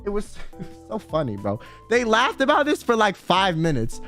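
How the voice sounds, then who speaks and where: A young male streamer with a notably high voice tells a chaotic story in casual, profane bursts. He loops through "like" and restarts and acts out quoted lines as he goes. Faint music plays underneath. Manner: animated, swearing, quick filler-heavy retelling with acted quotes.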